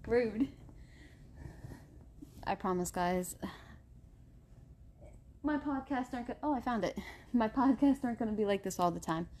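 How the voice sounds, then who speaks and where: A woman's voice: a little high, lively intonation, measured pace, long pauses, a little mellow. A woman hosting a casual podcast, chatty and stumbling over names as she reads. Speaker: podcast host.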